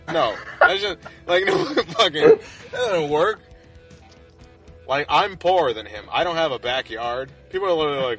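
A man's voice: medium pitch, sing-song, normal speed, fairly bright tone, faint music behind. Rambling young man on a crude podcast. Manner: rambling, filler-heavy, laughing at own jokes. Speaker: podcast co-host. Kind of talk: crude comedic banter.

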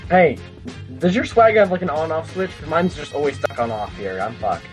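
A man's voice: moderate pace, soft background music. A young man in casual chat, teasing his friend and swearing often. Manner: teasing, swears, animated pitch.

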